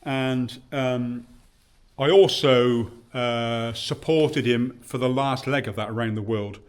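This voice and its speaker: Man, bike shop owner, casual reminiscing vlog, rambling, lots of fillers, acts out quoted dialogue, mid pitch, in his shop. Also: slow pace.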